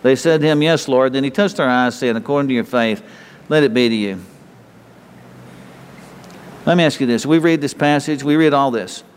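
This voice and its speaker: A man's voice: mid-range voice, normal speed, pauses often, slight background noise. A man preaching a sermon in a folksy, conversational way, often restarting phrases and chuckling. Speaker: pastor. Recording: reverberant hall.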